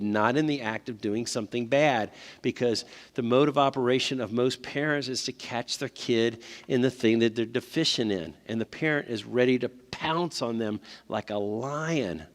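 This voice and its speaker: A man's voice: medium pitch, moderate pace. A man speaking at a parent seminar, telling stories and asking the audience questions. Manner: conversational, asks the audience questions. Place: church hall. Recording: long hall reverb.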